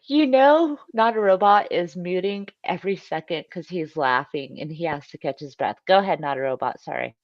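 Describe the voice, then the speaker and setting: Woman streamer, low-ish voice, teasing and crude, dry muffled voice-chat audio. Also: normal speed, few pauses, no room sound. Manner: teasing, swearing, laughs often. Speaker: livestream host. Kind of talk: casual voice-chat banter. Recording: dull lo-fi voice chat.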